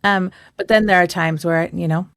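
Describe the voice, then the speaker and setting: A woman's voice: lowish voice, steady tone, normal speed, fairly bright tone, no room sound, clean studio sound. A woman, a voice coach and podcast co-host, who chats with care and hedges her words. She has a singer's trained, well-projected voice. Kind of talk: casual chat.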